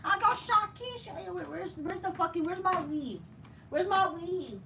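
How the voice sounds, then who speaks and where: A man puts on a brash, sassy woman who fusses over her weave, in a squeaky falsetto pitched far above his own. The tone is bright and brassy, with drawn-out hums between lines. The mic sits a little far off, with a faint hiss behind. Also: lively intonation, gravelly, echoey room, full character voice.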